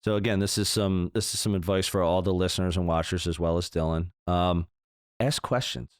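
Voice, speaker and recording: A man's voice: sits low, a little fast, smooth, dry recording, clean studio sound. A young adult man co-hosting a business podcast, talking casually and acting out example dialogue with lots of fillers. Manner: animated, acts out quoted dialogue, many "like" fillers. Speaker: podcast co-host.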